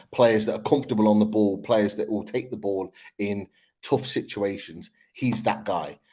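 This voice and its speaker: Low-ish male panelist, measured point-by-point football talk, casual fan podcast. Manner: measured, explains point by point with fillers.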